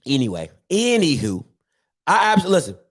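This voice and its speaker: A man hosting his own show, ranting casually about sports in an animated, repetitive and mocking way. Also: fairly high pitch, normal speed. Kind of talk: casual sports rant to camera.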